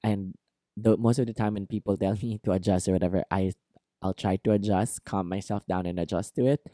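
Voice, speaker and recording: A man with a lowish, warm, relaxed voice talks on his podcast in an open, rambling monologue. He circles back on himself, leaning on "like" and "you know". The sound is dry and close, with no room around it. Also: a little fast, no room sound. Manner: rambling and candid, many fillers like "like" and "you know". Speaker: podcast host. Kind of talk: casual self-help monologue.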